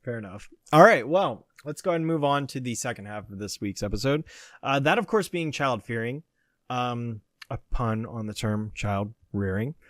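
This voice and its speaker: A male podcast co-host talks through a cartoon episode in easy, casual chat. His voice sits in a middle pitch, and the sound is dry and close, with no room around it. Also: expressive, moderate pace, fairly bright tone, dry recording. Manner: chatty, laughs often.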